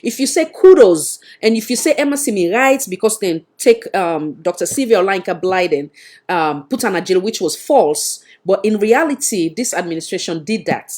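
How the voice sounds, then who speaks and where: A woman with a Sierra Leonean accent hosts a live talk show. She speaks at a mid pitch for a woman and keeps pressing her guest with pointed, repeated questions. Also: animated, moderate pace, a little mellow. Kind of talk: live panel discussion.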